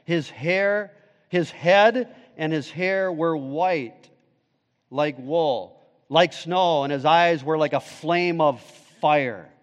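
A male pastor preaching a sermon, with dramatic swings from booming declarations to hushed, low phrases. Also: takes it slowly, highs cut off. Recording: long reverb of a large hall.

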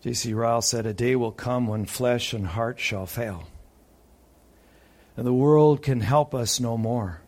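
A man preaching a sermon, moving between urgent raised passages and quiet, hushed ones. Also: medium pitch, a little slow. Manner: preaching with sharp swings from loud urgent peaks to hushed tones.

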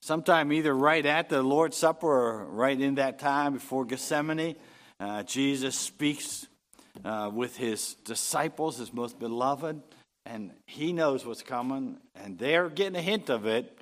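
A pastor reads scripture aloud during his sermon, preaching unhurriedly and swelling louder and higher in pitch on key phrases.

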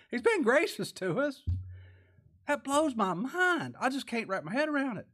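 A man preaching a sermon, swinging from loud, high exclamations down to quiet, soft asides. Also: sing-song, normal speed. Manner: preaching with sudden rises in pitch and volume, dropping to quiet asides. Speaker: pastor.

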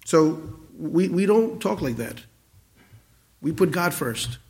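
A man in his forties preaching a sermon, earnest, with many stammered restarts and swings between loud emphasis and quiet asides. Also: on the high side, lively intonation, slow. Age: 40s. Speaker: pastor.

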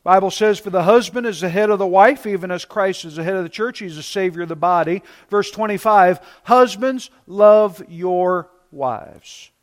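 A man in his fifties, a pastor delivering a sermon in an emphatic preaching manner, slowing down to stress key words. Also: high-pitched.

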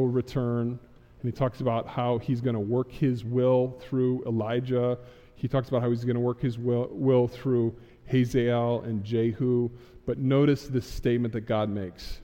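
Animated preacher in a reverberant church. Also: male voice, mid-range voice, muffled recording. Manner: animated, acts out voices of Bible figures in casual modern speech. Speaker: pastor. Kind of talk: sermon. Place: church sanctuary.

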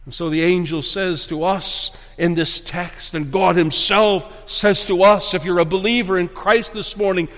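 High-voiced man preaching in a hall. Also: steady tone, a little slow, hardly any pauses. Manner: emphatic preaching, dropping to soft hushed phrases; repeats phrases for emphasis. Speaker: pastor. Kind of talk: sermon. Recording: long hall reverb.

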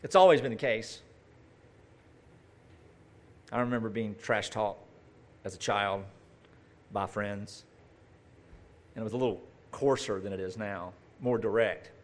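A man's voice: lowish voice, normal speed, pauses often. A man preaching a conversational sermon, talking straight to his listeners with asides and rhetorical questions.

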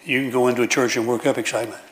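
A man's voice: mid-range voice, little pitch movement, racing, a little hiss or hum. Preacher, man, sermon, folksy storytelling, restarts, repetition, mid-range voice.

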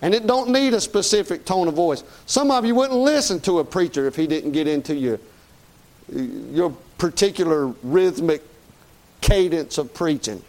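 A man's voice: a little high, animated, moderate pace, darkish tone. A man preaching a sermon in a folksy, conversational way, often asking "Amen?".

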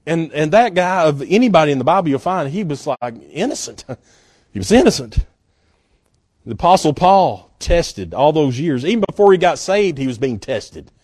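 A man preaching a sermon as guest pastor, in a folksy, conversational way that swings between emphatic peaks and quiet, drawn-out asides. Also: on the high side, expressive, no room sound, clean studio sound.

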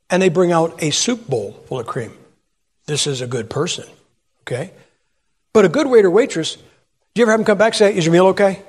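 A man's voice: high-pitched, lively intonation, quick pace, a little mellow, breathy edge, in a large hall. An older man preaching a sermon, telling stories and putting questions to his audience. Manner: storytelling, asks the audience questions. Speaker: pastor.

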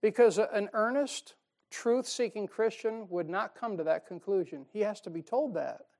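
A man preaching a sermon in a folksy, emphatic way, chuckling at his own jokes and swinging between loud stresses and soft asides. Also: high-pitched, normal speed.

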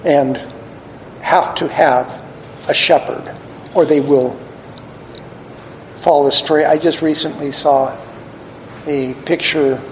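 Slow gravelly preacher in a reverberant hall. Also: male voice, on the high side, a little hiss or hum. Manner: slow, deliberate scripture reading with rising emphasis. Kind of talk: sermon reading scripture. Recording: long hall reverb, faint ambience.

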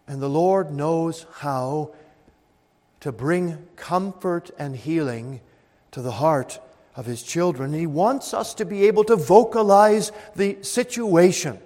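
A man preaching a sermon, swinging from loud emphatic peaks down to hushed, low tones. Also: lively intonation, takes it slowly. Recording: long hall reverb.

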